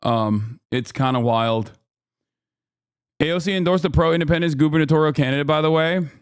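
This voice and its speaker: A man in his thirties streaming reaction commentary, animated and joking as he reads from his chat, on a close desk mic. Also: on the high side, moderate pace, clean tone, dry recording.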